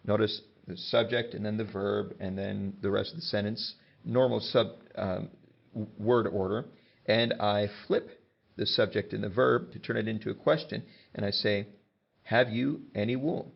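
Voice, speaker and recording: A man teaches a grammar lesson in a patient, explanatory way, stepping through example sentences one at a time. His voice sits low and has a gravelly edge. The recording sounds dull and lo-fi. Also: steady tone, moderate pace.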